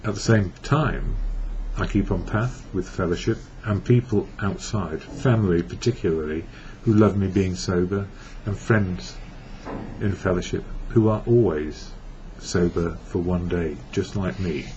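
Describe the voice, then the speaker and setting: Deep-voiced man in a rambling monologue. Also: measured pace, a little mellow. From England. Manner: rambling, self-correcting. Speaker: recovery blogger. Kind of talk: reflective personal monologue. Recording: dull lo-fi with faint hiss.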